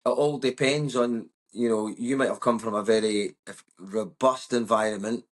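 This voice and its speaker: A man's voice: fairly low pitch, steady tone, normal speed. A Scottish man in his thirties with a West of Scotland accent, a comedian guest talking candidly, bluntly and emphatically, with frequent swearing. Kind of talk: candid conversation.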